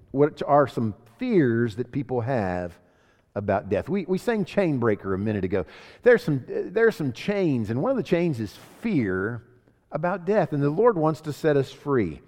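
A man's voice: medium pitch, dark tone. A man preaching a sermon as pastor, asking rhetorical questions and building emphasis. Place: church sanctuary. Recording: long hall reverb.

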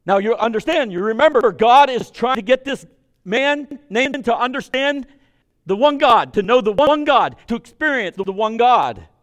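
A man preaching a sermon, reading scripture and retelling it with animated emphasis and conversational asides to his listeners. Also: extremely high pitch, moderate pace.

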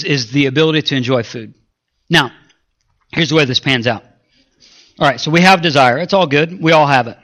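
A man preaching a sermon as pastor. He moves between raised, urgent preaching and low, hushed asides, and playfully acts out his own inner voice.

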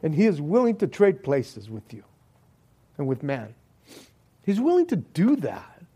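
A man preaching to his congregation in an unhurried, deliberate way. His voice is mellow, and it sits a little high for a man. He often sinks into soft, hushed lines. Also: huge pitch swings, slightly rough. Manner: slow, earnest preaching that drops to soft, hushed tones. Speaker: pastor. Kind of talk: sermon. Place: church hall.

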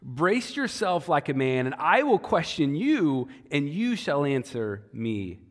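A man doing a stern booming God. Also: big pitch swings, slow. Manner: stern, scolding. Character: God, stern authoritative booming male deity. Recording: long hall reverb.

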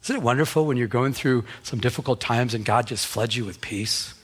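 Husky-voiced male pastor preaching. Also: medium pitch, a little fast. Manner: conversational preaching, acts out anecdotes. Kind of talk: sermon.

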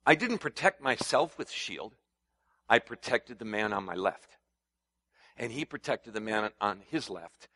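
A man preaches a sermon, addressing his congregation in a conversational way. As he gets worked up his voice climbs louder and higher, and he asks the people to respond.

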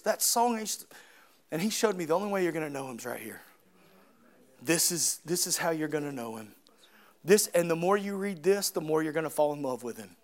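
A preacher with a higher-pitched voice than most men. He drops to soft, low reflection, then climbs into loud, fervent preaching. It is a lively, dynamic sermon delivery. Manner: swings from soft and low to loud, high and impassioned.

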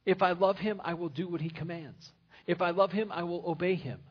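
A man's voice: high voice, fairly even intonation, a little fast, dull audio. A man pastor preaching a sermon in an earnest, repetitive style. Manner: earnest preaching with repeated phrases.

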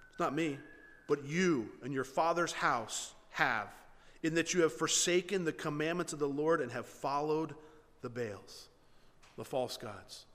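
A man preaching a sermon as pastor, animated, acting out the dialogue of the story and swinging between loud and hushed delivery. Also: mid-range voice. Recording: long hall reverb.

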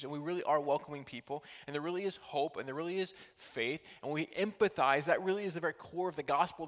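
A man preaching a sermon as pastor, earnest, moving between loud pleading passages and quiet, intimate ones. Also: medium pitch. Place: church hall. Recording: long hall reverb.

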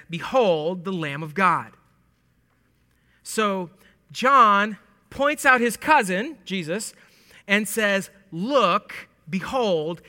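Bright-voiced man teaching in a hall. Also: high voice. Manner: animated and joking, acting out lines with laughs. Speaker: preacher teaching scripture. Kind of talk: casual verse-by-verse Bible teaching. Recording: long hall reverb.

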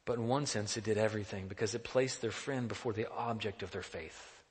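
A man's voice: on the low side, fairly even intonation, a little fast, big-room sound. A male pastor preaching a sermon in an earnest, questioning, emphatic way.

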